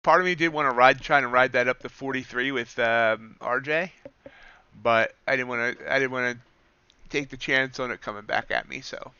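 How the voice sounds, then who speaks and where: A man's voice: medium pitch, normal speed, sharp tone, clean tone, dry recording, dull audio. A man giving live commentary on his trades, counting off prices and greeting viewers in chat. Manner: calls out prices and chats with viewers. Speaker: livestream futures trader.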